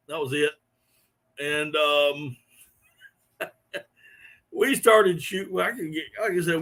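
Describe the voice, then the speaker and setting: A middle-aged man chats casually with his live-stream viewers. His voice sits a little high, and he rambles through his stories with frequent chuckles. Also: fairly bright tone. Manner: rambling storyteller, chuckling often.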